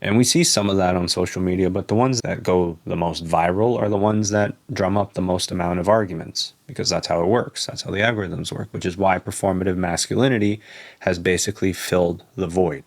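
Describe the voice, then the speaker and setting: A man's voice: sits low, steady tone, fairly quick, vocal fry. A young man speaking as a podcast guest, earnest and persuasive, often tagging points with "right?". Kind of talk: casual interview talk.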